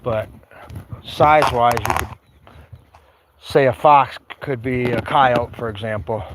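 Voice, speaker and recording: A man's voice: medium pitch, slow, background noise. A man casually chatting on a livestream while walking his dogs outdoors, rambling and talking to the dogs. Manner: rambling, talks to his dogs, breaks into song. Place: outdoors on a trail.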